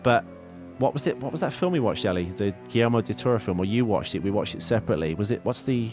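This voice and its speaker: A man's voice: fairly low pitch, lively intonation, fast, over music. A man co-hosting a podcast, chatting casually about films, rambling and correcting himself with jokes. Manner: rambling, self-correcting, jokey. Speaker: podcast co-host. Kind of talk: casual film chat.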